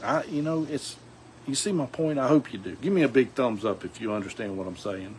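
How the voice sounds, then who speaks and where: A man's voice: medium pitch, expressive, fairly quick, rough recording. Southern man, folksy rambling vlog talk, lots of ums and restarts, faint outdoor hiss behind him. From South Alabama. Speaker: outdoors vlogger. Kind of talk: casual talk to camera.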